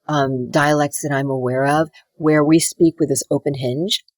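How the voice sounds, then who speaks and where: Animated woman dialect coach. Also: low voice, moderate pace, dry recording. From United States. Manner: animated, demonstrative, slips into accent impressions while explaining. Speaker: dialect coach and voice actor, podcast guest. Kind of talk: casual podcast conversation.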